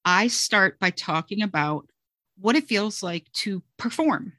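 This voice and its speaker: A woman's voice: medium pitch, lively intonation, measured pace, sharp tone, no room sound, clean studio sound. A woman who teaches music, chatting as an interview guest and telling stories expressively, often saying "you know" and "like". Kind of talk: conversational interview talk.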